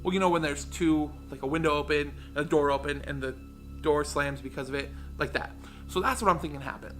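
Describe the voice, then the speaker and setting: A man with a bright, slightly high voice recounts a haunting in a relaxed, conversational way. He slows down and drops his voice for suspense, leaving long dramatic pauses. Soft music plays faintly beneath him. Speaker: storyteller. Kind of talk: spooky personal storytelling.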